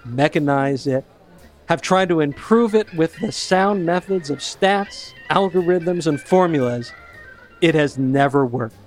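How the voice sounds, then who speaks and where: A man telling a joke as a parable in a wry, conversational, emphatic way. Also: a little high. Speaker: speaker. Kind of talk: storytelling talk.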